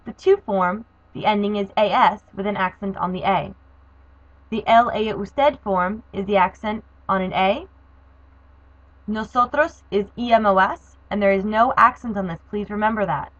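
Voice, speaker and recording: A woman's voice: mid-range voice, normal speed, no echo. Woman teaching grammar, dull dry recording. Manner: methodical, spells out endings letter by letter. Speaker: Spanish teacher.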